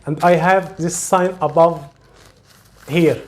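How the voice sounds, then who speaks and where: Slow, patient male teacher. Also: fairly high pitch, steady tone. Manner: slow, patient, demonstrates sounds and repeats them. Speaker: Arabic teacher. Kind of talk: slow, step-by-step recitation lesson.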